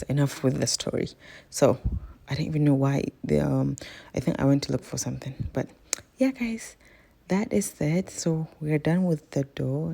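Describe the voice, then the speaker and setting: Gravelly low-voiced woman. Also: warm tone. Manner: chatty, rambling, keeps addressing viewers as guys. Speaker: cooking vlogger. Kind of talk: casual cooking vlog.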